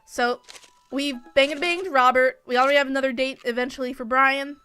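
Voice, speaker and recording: High-voiced chatty young woman gamer. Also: fairly even intonation, brisk, pushed and bright. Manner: chatty, jokey, laughs often. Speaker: gameplay video host. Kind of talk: let's play commentary and reading.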